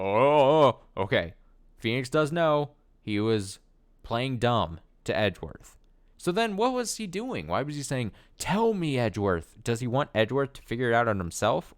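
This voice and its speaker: A man's voice: lowish voice, dry recording. A man hosting a let's play, rambling and thinking aloud as he reacts to the game. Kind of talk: casual gameplay commentary. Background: game music.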